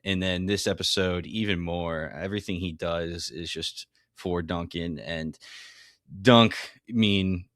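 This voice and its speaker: A podcast co-host chats excitedly about a TV episode, acting out quotes with a rising pitch. His voice is a little slow and fairly bright, recorded with studio quality and no room sound.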